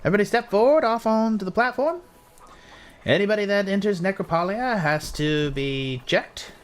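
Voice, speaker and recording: A man voicing a stern male gate official who speaks formally and recites oaths in a slow, commanding way. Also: high voice, animated, clean tone, voice pushed up. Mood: formal, brisk.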